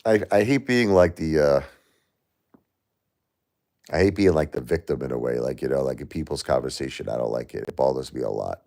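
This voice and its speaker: A middle-aged man hosting a livestream, grieving and talking in a raw, repetitive way that swings from anger to hushed disbelief. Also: rumbling low, expressive, brisk, vocal fry, long pauses. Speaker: livestream host. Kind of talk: emotional live-stream monologue.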